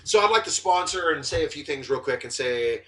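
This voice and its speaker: Podcast host guy rambling in his kitchen, kinda bright tone, mic a bit far off. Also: fairly high pitch, expressive, fairly quick, slight background noise. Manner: rambling, joking, loose. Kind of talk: casual podcast chat. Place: home kitchen.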